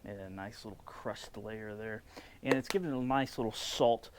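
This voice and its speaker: A man hosting a casual outdoor barbecue cooking vlog, enthusiastic and relaxed, with plenty of fillers. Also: fairly low pitch, moderate pace, slight background noise. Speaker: barbecue cooking channel host. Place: outdoors at a smoker.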